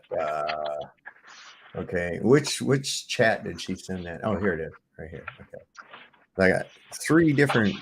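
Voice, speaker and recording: A man's voice: fairly low pitch, a little hiss or hum. Sarcastic ranting male stream host. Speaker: livestream host. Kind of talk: profane commentary on clips.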